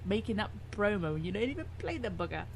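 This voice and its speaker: A woman's voice: mid-range voice, animated, quick pace, a little hiss or hum. A British woman co-hosting a radio show, chatting and teasing her partner. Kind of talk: casual radio chat.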